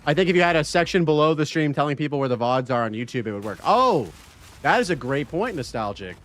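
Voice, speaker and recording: A man's voice: fairly high pitch, lively intonation, quick pace, fairly bright tone. A man from Canada streaming a game, chatting casually with his viewers and swearing freely. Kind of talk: casual livestream chat.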